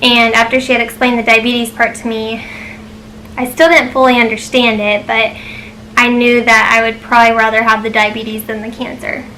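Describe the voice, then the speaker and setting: A woman's voice: fairly high pitch, flat delivery, moderate pace, sharp tone, slight background noise, rough recording. A young woman telling a personal story to camera in a chatty way, full of ums and likes. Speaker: vlogger.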